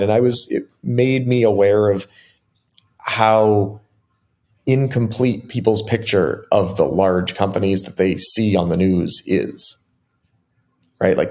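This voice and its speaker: Low-voiced chatty man telling stories. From United States. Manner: animated, chatty, many fillers and restarts. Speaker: interview guest, software engineer. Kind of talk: casual storytelling interview.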